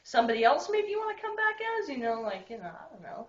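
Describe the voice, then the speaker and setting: A drunk woman voicing an old male Saint Peter at heaven's gate, soft and rambling with lots of fillers. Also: fairly high pitch, big pitch swings, quick pace. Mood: gentle. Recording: roomy, dull party recording.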